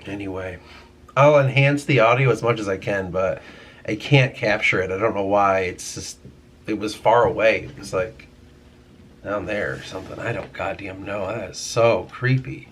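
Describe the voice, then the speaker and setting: A man's voice: lowish voice, fairly even intonation, normal speed, fairly bright tone, slight background noise. A young man musing casually to his camera at home, rambling and swearing often, trailing off mid-thought. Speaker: vlogger. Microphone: camera mic.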